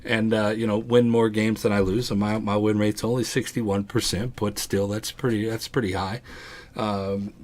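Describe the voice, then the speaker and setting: A man hosting a live gaming podcast, telling stories in a rambling, animated way with many restarts. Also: lowish voice, moderate pace. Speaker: podcast host.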